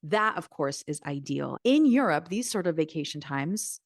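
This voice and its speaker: A middle-aged American woman with a low-pitched, lively voice hosts a solo podcast at normal speed, speaking directly to the listener in an earnest, encouraging manner. She's a podcast host and Christian mindset coach, recorded in studio quality with no echo.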